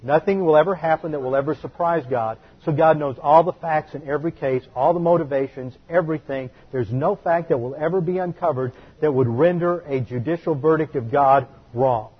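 This pastor talks a little fast and a little high, barely pausing, with breath in his voice. His teaching sermon is emphatic and systematic: he spells terms out and repeats figures for note-taking. The audio is dull lo-fi.

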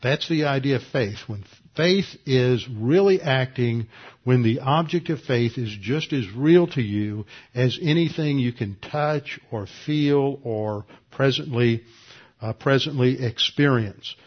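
A man's voice: medium pitch, a little slow, husky, highs cut off. A pastor teaching a verse-by-verse sermon to his congregation, explaining Greek grammar with frequent "uh"s. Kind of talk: expository sermon. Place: church room with congregation.

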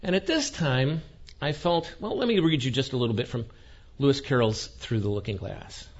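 A man preaching a sermon as a wry, animated story, acting out the people he quotes, on a dull lo-fi recording. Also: medium pitch, normal speed.

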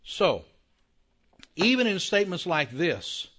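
A man giving a Bible class lecture in a conversational way, often checking that his listeners follow and slowing down to stress key words. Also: high voice, big pitch swings, pushed and bright, husky. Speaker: Bible teacher.

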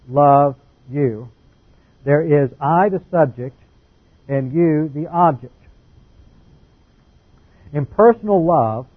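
Husky man teaching a sermon. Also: fairly high pitch, phone-quality sound. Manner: methodical, lists numbered points and defines terms. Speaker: preacher. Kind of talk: doctrinal Bible teaching.

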